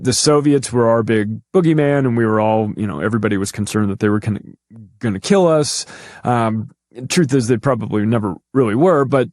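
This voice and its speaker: A man's voice: medium pitch, darkish tone, no room sound, clean studio sound. Sarcastic, rambling man on a podcast. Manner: rambling, sarcastic, profane, with many restarts. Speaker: podcast guest. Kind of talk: casual podcast monologue.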